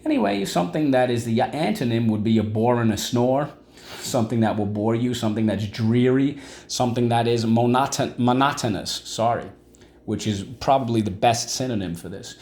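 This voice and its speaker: A man's voice: mid-range voice, normal speed, a little mellow. A man teaching a vocabulary lesson, repeating words syllable by syllable and asking the class questions. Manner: asks class-style questions like "What's the word?".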